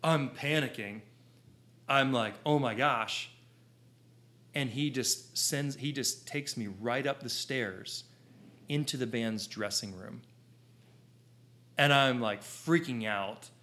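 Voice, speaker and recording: This is a man in his thirties with an ordinary mid-range voice. He tells a personal story to an audience in an animated, excitable way, tripping over restarts and leaning on "like" as he goes. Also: mid-range voice, slow. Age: 30s. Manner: excitable, with rambling restarts and lots of "like". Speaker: photographer telling his story.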